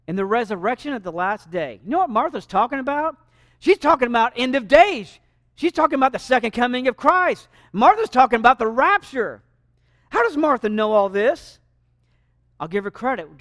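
A man preaching a sermon in a church sanctuary, animated and shifting loudness for emphasis. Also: high voice, no echo, studio quality. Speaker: pastor.

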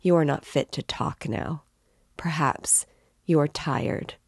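A woman voicing an earnest young woman, gentle but firm. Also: sits low, measured pace, no room sound, clean studio sound. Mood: concerned.

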